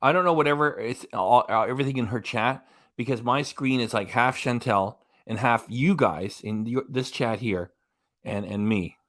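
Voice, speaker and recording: A man's voice: mid-range voice, moderate pace, fairly bright tone. Man giving dry live-stream commentary. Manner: running commentary, reading out quotes, dry asides. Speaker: reaction channel host.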